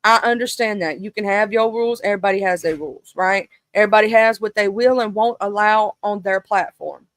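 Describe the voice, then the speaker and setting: A woman hosting a casual livestream gossip chat, animated and talkative, breaking into sudden high exclamations. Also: brisk, hardly any pauses, dry recording. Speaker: livestream host.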